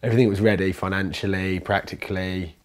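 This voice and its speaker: A man in a casual interview, telling a personal story in a rambling, animated way with many fillers and restarts. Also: low voice, fast talker. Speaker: interviewee, commune resident.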